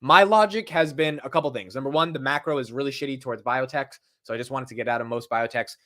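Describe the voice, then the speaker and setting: A young man calls out stock prices on a live stream in a relaxed, loose way. He restarts sentences, swears now and then and wanders between topics, his voice sitting in an ordinary middle pitch. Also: fast talker. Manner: rambling, frank, self-interrupting with swearing. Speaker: stock market livestream host. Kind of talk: casual live market commentary.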